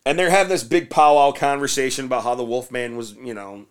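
A man's voice: medium pitch, fairly even intonation, fast talker, clean tone. Crude rambling male movie podcaster. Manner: crude, rambling, acts out scenes in silly voices. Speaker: podcast host. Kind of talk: casual movie recap with profanity.

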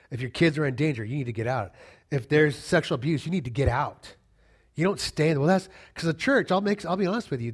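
Emphatic, conversational middle-aged man preaching. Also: on the high side. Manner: conversational, emphatic, repeats phrases for stress. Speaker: pastor. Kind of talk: sermon.

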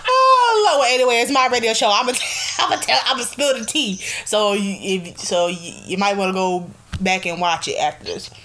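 A young woman hosting a casual radio show, chatting in an animated, excitable way and laughing often. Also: medium pitch, fairly quick, few pauses, a little hiss or hum. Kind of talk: casual chat.

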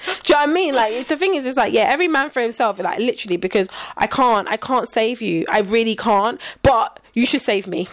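A young woman chats and tells stories on a podcast, slightly high-pitched and lively. She laughs a lot and acts out her own shouts and outbursts. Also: brisk, hardly any pauses. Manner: laughing, animated storytelling with acted-out outbursts. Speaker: podcast co-host. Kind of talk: casual chat.

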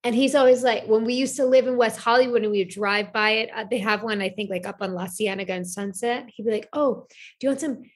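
A woman chatting casually as a podcast guest, telling stories in an animated, exclaiming way from a hotel room. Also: medium pitch, fast talker, few pauses. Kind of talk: casual chat.

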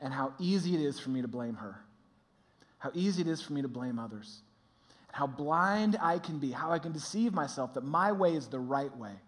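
A pastor preaching with earnest conviction. He has a fairly high voice for a man and grows lively in his stories. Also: moderate pace. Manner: earnest, animated when telling stories. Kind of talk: sermon.

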